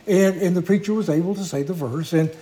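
Man, preacher, sermon storytelling, high-pitched, warm mellow tone, earnest. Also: rough recording. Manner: earnest, unhurried storytelling with small restarts.

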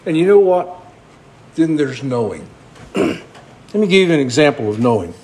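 A man's voice: on the high side, animated, normal speed, long pauses, darkish tone. A man preaching a conversational sermon, asking the congregation earnest rhetorical questions.

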